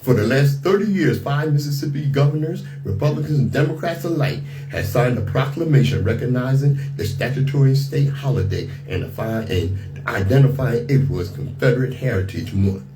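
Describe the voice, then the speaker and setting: A man's voice: medium pitch, animated, brisk, hardly any pauses, mellow, slight background noise. Outspoken male radio talk host. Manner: outspoken, indignant, restarts and repeats words. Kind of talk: radio commentary on news.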